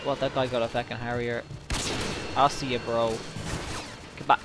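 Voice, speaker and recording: Excitable young man gaming. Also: mid-range voice, normal speed, slight background noise. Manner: excitable, swears often, with sudden outbursts. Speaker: gaming channel host. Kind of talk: gameplay commentary.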